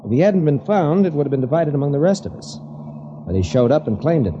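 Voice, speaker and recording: An actor playing a worried, earnest cousin in a 1940s radio drama, speaking urgently. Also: male voice, on the high side, very animated, quick pace. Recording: hissy, dull old radio recording.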